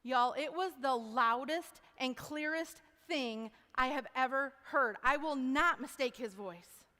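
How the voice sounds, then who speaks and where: Animated woman speaking in an echoing hall. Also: high-pitched, measured pace. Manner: animated, folksy, addresses audience as y'all. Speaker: speaker at a university event. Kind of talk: testimony talk. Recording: long hall reverb.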